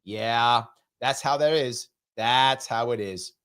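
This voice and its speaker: A man's voice: mid-range voice, slow, a bit bright, smooth. A man hosting a live political commentary show, talking in a sarcastic, mocking way. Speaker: host.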